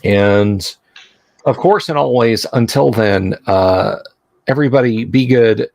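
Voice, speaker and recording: Man, livestream host, lowish voice, rambling, stop-start, dry close sound. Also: gravelly, a little mellow, no room sound. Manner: rambling, halting with many restarts. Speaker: game master and host. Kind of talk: casual livestream chat.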